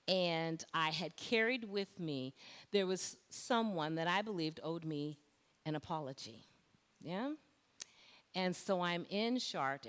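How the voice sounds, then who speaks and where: A woman reverend delivering a lively sermon with call-and-response to her congregation. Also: on the low side. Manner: animated, call-and-response preaching. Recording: long hall reverb.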